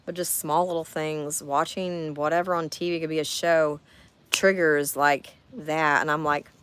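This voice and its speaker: A woman's voice: low voice, level tone, a little slow, a bit bright, smooth. A woman, reading viewer comments and chatting on her livestream from a camping trip. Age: 40s. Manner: chatty, talks straight to viewers. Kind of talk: casual chat. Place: camper while on a camping trip.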